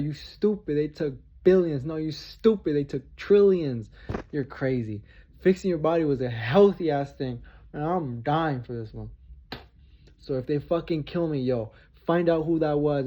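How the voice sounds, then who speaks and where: A vlogger launches into a heated, profane, confrontational rant aimed straight at his viewers, repeating himself for emphasis. His voice is medium-pitched and warm, but the recording is dull and lo-fi.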